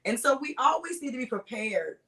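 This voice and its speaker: A middle-aged woman, a singer as a guest, telling stories with lively acted-out quotes in a relaxed chat. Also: high-pitched, brisk. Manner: animated storyteller acting out voices. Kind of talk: casual interview storytelling.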